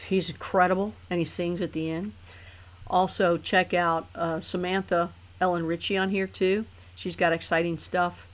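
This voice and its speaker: A woman's voice: lowish voice, level tone, moderate pace. A woman hosting a live stream, talking casually and rambling chattily with her viewers. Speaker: host of a live talk stream.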